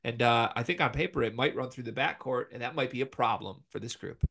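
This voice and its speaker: A young man co-hosting a casual sports talk show, animated and opinionated as he ranks players, with the hiccups. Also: mid-range voice, creaky, noisy background. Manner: animated, opinionated, quick rankings. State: has the hiccups. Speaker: podcast co-host.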